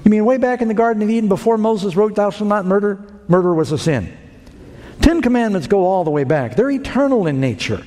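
A man's voice: sits high, very animated, a little fast, warm tone. A man preaching a sermon, earnest and emphatic, telling a story to his congregation. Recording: long hall reverb.

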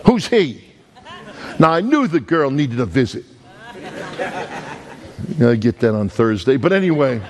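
A male evangelist preaching a storytelling sermon, animated and joking with the congregation, acting out sounds and voices. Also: medium pitch, normal speed, pauses often, some chatter behind.

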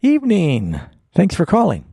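A middle-aged man, a pastor hosting a radio Bible call-in show, earnestly explaining scripture and slowing down to read verses aloud. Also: sits high, wildly swooping pitch, gravelly, warm tone, slightly rough, dry recording.

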